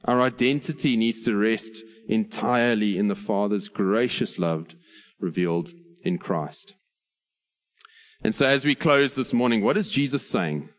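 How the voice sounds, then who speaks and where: A man preaching an earnest sermon, slowing on key phrases and adding light humor. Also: lowish voice. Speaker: pastor.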